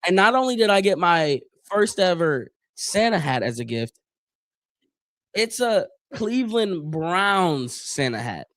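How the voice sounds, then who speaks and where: A man from Northeast Ohio hosting a live stream, calling football plays and chatting casually in slangy talk, his voice a little worn and clearing his throat often. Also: sits high, sing-song, unhurried, a bit bright, dry recording. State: losing his voice a bit. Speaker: livestream host doing play-by-play. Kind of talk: casual live play-by-play and chat.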